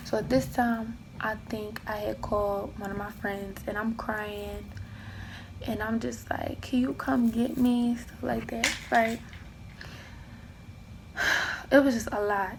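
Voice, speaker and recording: A young woman telling a personal story in a casual vlog, acting out both sides of the argument with lively emphasis. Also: fairly high pitch, slow pace, pauses often, noisy background. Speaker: vlogger.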